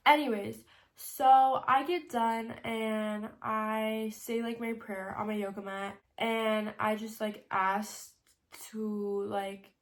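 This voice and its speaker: A woman in her early twenties tells a personal story in a casual confessional vlog, emotional and close to tears, laughing through it, with many "like" fillers and soft trailing endings. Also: mid-range voice. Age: 20s. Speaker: vlogger.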